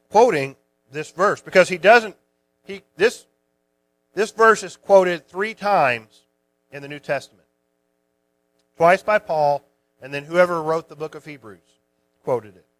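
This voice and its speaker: High-voiced man teaching a sermon. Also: unhurried, long pauses, a bit bright, dry recording. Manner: conversational Bible teaching with restarts. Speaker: preacher.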